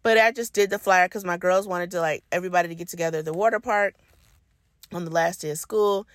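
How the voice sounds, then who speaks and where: A woman's voice: lowish voice, fairly even intonation, fast, dry recording, studio quality. A middle-aged woman hosting a solo podcast, giving blunt, no-nonsense advice in a casual talk. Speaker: podcast host.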